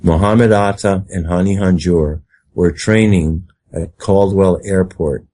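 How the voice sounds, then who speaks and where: An older man with a low, dark and husky voice talks at length as an interview guest. He rambles emphatically, piling up details and acting out quoted lines. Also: fairly even intonation, takes it slowly. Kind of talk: conspiracy talk interview.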